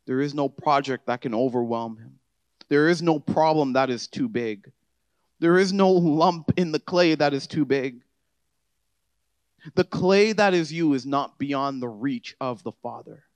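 A man's voice: fairly high pitch, measured pace, no room sound. Man preaching a casual, dry-sounding sermon. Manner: conversational preaching, rising to emphatic near the end. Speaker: pastor.

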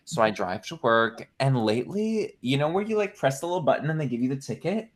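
A man's voice: mid-range voice, big pitch swings, a little fast. A sassy young man co-hosts a casual podcast chat, with a voice that swoops up and down as he jokes. His banter is campy and full of swearing and "girl.". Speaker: podcast co-host.

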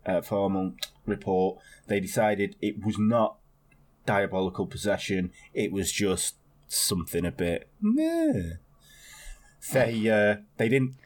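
Man, lowish voice, casual podcast storyteller, rambling, wry, swears now and then. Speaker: podcast co-host. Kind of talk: casual chat.

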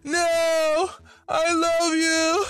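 A man's voice: fairly high pitch, expressive, normal speed, no echo, faint music behind, pitched above the performer's own voice. A man voicing a clingy, childish young elf boy who whines and pleads. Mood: whining. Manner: whiny, childish.

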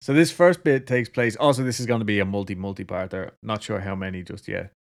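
A man's voice: fairly low pitch, brisk. A man co-hosting a podcast, telling a story in casual chat, laid-back and swearing freely. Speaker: podcast co-host.

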